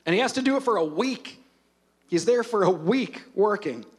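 A male pastor with a high, bright-toned voice delivers a sermon. He tells scripture stories with playful humor and lively energy, then turns earnest as he speaks to the congregation. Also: moderate pace. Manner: animated, humorous storytelling of scripture.

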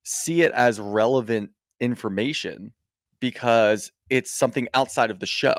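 A man's voice: mid-range voice, moderate pace, no echo, studio quality. A man co-hosting a casual recap podcast, rambling, profane and exasperated. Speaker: podcast co-host.

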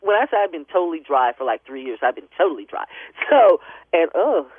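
A woman's voice: low voice, very animated, fairly quick, breathy edge, no echo. A woman phoning in to a radio show. She tells her story in an emotional, chatty way, laughing through it and tearing up. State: tearful. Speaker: caller. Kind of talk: phone-in radio call. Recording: tinny phone line.

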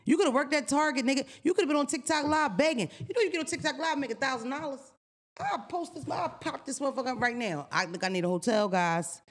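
A woman's voice: high voice, animated, fast talker. Brash, profane woman podcast host. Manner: profane, brash comic ranting. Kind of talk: casual podcast chat.

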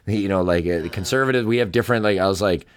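A man's voice: deep voice, very fast, faint music behind. A man, a podcast guest, telling stories in a casual, rambling way full of fillers. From Canada. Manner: rambling storyteller, heavy on fillers. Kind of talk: casual chat.

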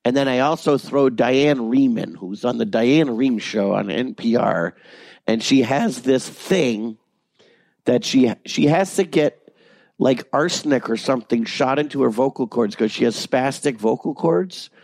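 A man's voice: mid-range voice, a little slow, vocal fry, a little mellow, dry recording. A man, a voice actor, chatting loosely in an interview, rambling and joking with frequent restarts. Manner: rambling, jokey, many restarts. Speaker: voice actor guest. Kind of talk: casual interview chat.

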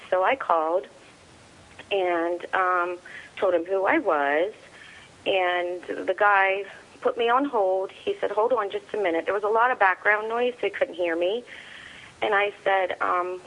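A middle-aged woman being interviewed, telling a personal story in a halting way and retelling dialogue with many fillers. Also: on the low side, fairly bright tone, poor audio. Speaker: interview guest, soldier's mother.

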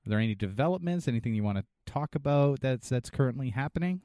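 A man's voice: medium pitch, expressive, quick pace, mellow, no room sound, studio quality. A man co-hosting a podcast, asking earnest, rambling questions in casual chat. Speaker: podcast co-host.

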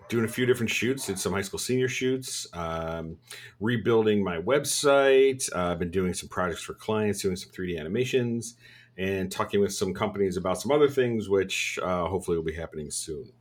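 A man's voice: on the low side, moderate pace. A man guesting on a podcast, laid-back and hesitant, with many ums. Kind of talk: casual chat.

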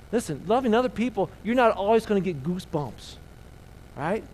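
A middle-aged man preaching a sermon as pastor, swinging between loud emphasis and soft, hushed lines. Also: on the high side, slight background noise, rough recording.

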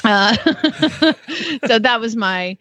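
Lively high-voiced woman telling a story. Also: very slow. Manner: animated, laughing, acts out quotes in high voices. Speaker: co-host. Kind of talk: casual chat, storytelling. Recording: dull lo-fi sound.

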